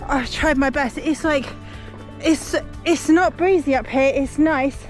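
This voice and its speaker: A woman's voice: sits high, unhurried, soft background music. A woman filming herself on a humid outdoor run, rambling and upset as she talks to the camera. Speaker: running vlogger. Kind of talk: self-filmed vlog on a run.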